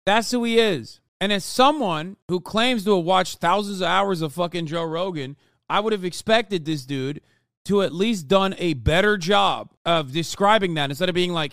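A man in his thirties streaming, reacting to a video with an angry, profane rant that bursts into shouts. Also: high-pitched, normal speed, clean tone, no echo, studio quality. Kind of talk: ranting reaction commentary.

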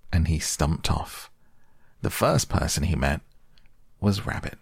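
A man reads a children's story softly and calmly, as if to help someone sleep. His voice is very low with a gravelly creak, recorded close and dry. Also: dry recording. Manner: soft, slow, calm. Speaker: podcast narrator. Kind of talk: soft bedtime storybook reading.

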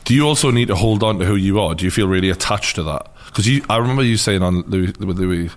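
A man's voice: deep voice, quick pace. A man from North East England with a Geordie accent, hosting a casual interview with short, enthusiastic questions and reactions. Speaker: interview host.

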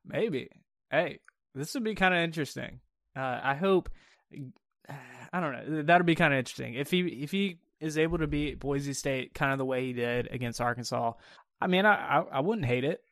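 A man's voice: on the high side, moderate pace, fairly bright tone, dry recording. A young man hosting a casual sports talk show, laid-back and often laughing, with a dry close sound. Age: young adult. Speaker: podcast host.

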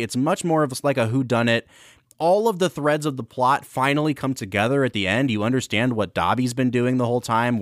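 A man's voice: medium pitch, dry recording. Man, podcast co-host, casual film review, enthusiastic, dry recording. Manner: enthusiastic, analytical.

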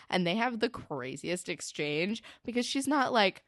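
Young woman, podcast co-host, casual chat, lower voice, dry sound. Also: moderate pace, few pauses, no room sound. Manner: animated retelling with acted-out quotes. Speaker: podcast co-host recapping a TV episode.

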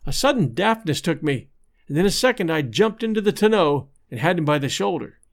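Male narrator reading an old adventure book, pretty high voice, steady measured pace. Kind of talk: scripted audiobook narration.

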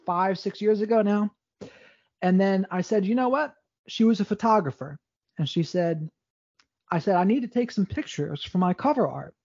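A man's voice: sits high, no echo, dull audio. A man, a podcast guest, telling his life story in a candid, rambling way with frequent restarts. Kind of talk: casual storytelling interview.

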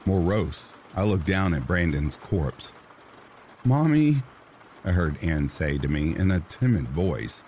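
A man reading a horror story aloud in a slow, somber storytelling manner. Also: low-pitched, a little mellow, slight background noise. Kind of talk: scripted horror narration. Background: rain sounds.

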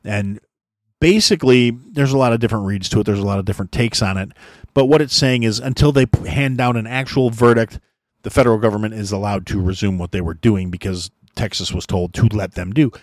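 In a fairly low, fairly quick voice, a podcast host from the United States delivers a profane political rant full of restarts and blunt talk. The audio is studio quality without any room sound.

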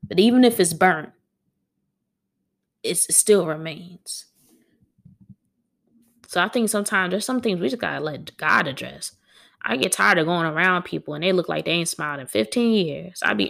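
A woman poet at home, reading her own poems aloud and chatting to her listeners between them, a bit dramatic and quick to laugh at herself. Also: lowish voice, lively intonation, gravelly, a bit bright. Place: at home with a dog on a wooden floor.

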